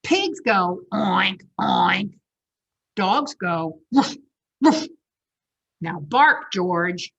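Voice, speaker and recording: A woman's voice: medium pitch, animated, drawn-out words, gravelly, long pauses, fairly bright tone, breathy edge, full character voice. A woman voicing a patient mother dog who keeps telling her pup how dogs should sound, in a raised, emphatic, storybook voice. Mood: coaxing. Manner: emphatic, scolding-patient repeats.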